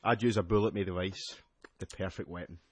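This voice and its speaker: A man's voice: sits low, fairly even intonation, fairly quick, husky. A man with a Scottish accent co-hosting a wrestling podcast, bringing up news stories with dry, sarcastic, sweary humour. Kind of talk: casual banter, reading news.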